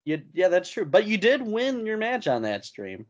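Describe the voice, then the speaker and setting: A man's voice: sits high, huge pitch swings, normal speed, lo-fi sound. A man on a podcast making dry wisecracks in casual chat. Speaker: podcast co-host.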